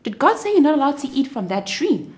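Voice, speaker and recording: A woman's voice: sits high, very animated, brisk, voice pushed up. A woman doing a sly tempting serpent. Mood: coaxing.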